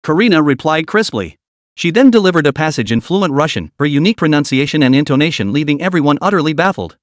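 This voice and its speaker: A man reading a scripted story recap as narrator, keeping an even storytelling read. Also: a little high, fast, no room sound, clean studio sound.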